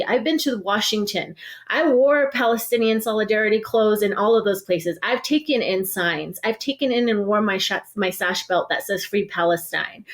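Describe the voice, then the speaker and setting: A woman from the Navajo Nation, an organizer, recounting an experience in casual speech with many "like"s and restarts. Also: fairly high pitch. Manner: heavy use of "like" and restarts, animated storytelling. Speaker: organizer, podcast guest.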